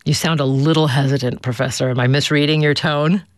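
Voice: mid-range voice, fairly even intonation, brisk, no room sound, studio quality. A radio show host interviewing a guest in a conversational, probing manner.

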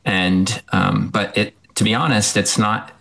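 A man, a professor, answering radio interview questions in a hesitant, halting way with many ums. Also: on the low side, steady tone, gravelly, bright, forceful tone. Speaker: professor and tick researcher.

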